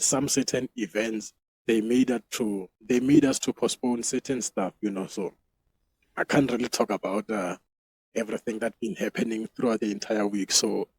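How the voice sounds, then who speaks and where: Husky South African man, loose and profane. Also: medium pitch, darkish tone, poor audio. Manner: loose, profane, laughs at himself. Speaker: podcast host. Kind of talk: casual solo commentary.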